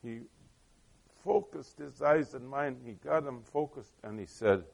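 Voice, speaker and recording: A man's voice: medium pitch, unhurried, creaky, darkish tone. A middle-aged man preaching a sermon, telling stories in a conversational way with many asides and questions put to the listeners. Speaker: pastor.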